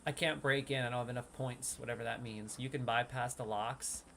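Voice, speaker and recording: A man's voice: medium pitch, little pitch movement, a little fast, creaky, fairly bright tone, a little hiss or hum. A man with a New York accent hosting a gaming video, chatting casually and reading game text aloud. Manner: chatty, reads game lore aloud and muses on it. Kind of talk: casual gameplay commentary.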